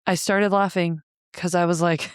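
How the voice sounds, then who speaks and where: A woman's voice: on the low side, steady tone, normal speed, clear, resonant tone, no room sound, studio quality. A woman telling her own story as a podcast guest, in a blunt, profane way and with wry laughter. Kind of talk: candid storytelling.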